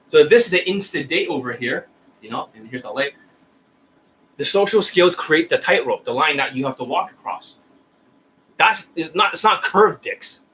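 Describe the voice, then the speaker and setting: A man's voice: fairly high pitch, fairly bright tone, slight background noise, low-quality recording. Scornful, foul-mouthed man ranting. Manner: profane, scornful, insulting; repeats "right?" and "you see that?". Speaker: dating coach. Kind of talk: ranting coaching monologue.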